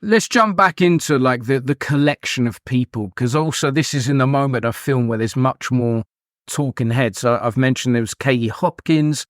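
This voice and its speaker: A man's voice: mid-range voice, moderate pace, no echo, studio quality. A man talking casually on a podcast, chatty and full of "like" fillers. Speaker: podcast host. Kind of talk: casual chat.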